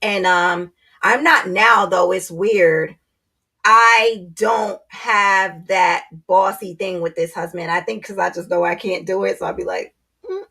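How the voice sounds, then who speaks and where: Woman vlogging relationship tips, husky kinda raspy voice, blunt and chatty. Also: medium pitch, steady tone, measured pace, bright, forceful tone. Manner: blunt, candid, speaks to viewers directly. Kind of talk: casual advice talk to camera.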